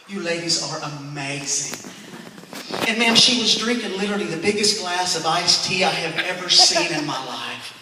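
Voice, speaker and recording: A man's voice: high voice, normal speed, noisy background. A middle-aged man tells funny stories at a church, chuckling and calling the crowd sir and ma'am. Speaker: church comedian. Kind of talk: stand-up storytelling. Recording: echoey hall, distant mic.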